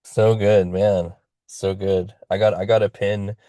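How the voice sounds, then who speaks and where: A man's voice: fairly low pitch, level tone, measured pace, dark tone, dry recording, studio quality. A man hosting an online community call, rallying listeners with a motivational pep talk. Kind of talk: casual online group call.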